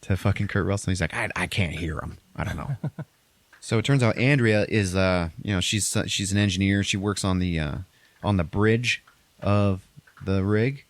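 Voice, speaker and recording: A man hosting a podcast, casually retelling a movie plot in a rambling, profane way and briefly acting out characters in exaggerated high voices. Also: normal speed. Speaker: podcast host recapping a movie. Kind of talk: casual chat.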